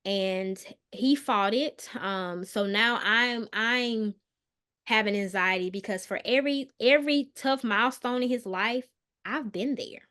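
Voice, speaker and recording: A woman, a mental health counselor, recounting a painful personal story as a podcast guest, earnest and hesitant with many pauses and restarts, dropping softer on the hardest details. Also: a little high, smooth. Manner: soft and subdued on painful details.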